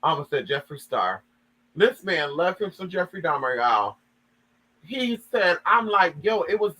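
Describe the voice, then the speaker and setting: A man's voice: high voice, expressive, normal speed, pushed and bright, poor audio. A man giving sassy, dramatic gossip commentary, reading a story aloud and reacting to it.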